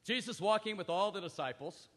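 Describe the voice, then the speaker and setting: A high-pitched, bright-toned man preaches with big swings in loudness and emphasis. He often turns to the listeners with direct questions. The sound carries a long reverb, as if in a large hall. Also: fairly quick. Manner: addresses the audience directly with questions. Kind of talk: sermon with scripture reading.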